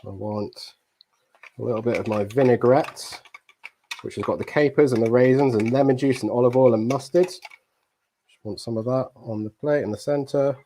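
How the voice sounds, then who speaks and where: A man hosting a live cooking challenge, hurried and breathless, then chatty and full of ums as he explains his dishes. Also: medium pitch, dark tone, a little hiss or hum. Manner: flustered and breathless under time pressure, then chatty explaining with many ums.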